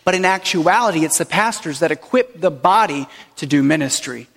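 A man with a high-pitched voice preaching a sermon from the front of a church, his words ringing through a long, reverberant hall. He keeps it playful and conversational, dropping in warm-hearted asides as he teaches. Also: expressive, fairly quick, creaky. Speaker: pastor. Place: church sanctuary.

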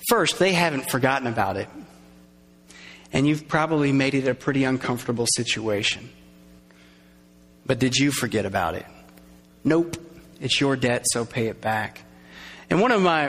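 A man preaching a sermon, conversational and lively, acting out little quoted voices and drawing in his congregation. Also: fairly high pitch. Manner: conversational, acts out quoted voices, engages audience. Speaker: pastor. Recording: long reverb of a large hall.

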